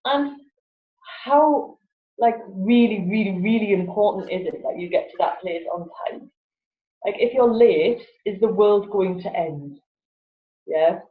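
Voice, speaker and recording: A woman's voice: medium pitch, measured pace. A woman, a guest in a casual interview chat who laughs often and acts out voices animatedly. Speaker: guest, laughter yoga teacher. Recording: echoey, phone-like lo-fi audio.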